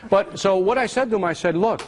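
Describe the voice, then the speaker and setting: A man giving a live marketing seminar, animated and teasing, drawing call-and-response from his audience. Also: high-pitched, fast talker.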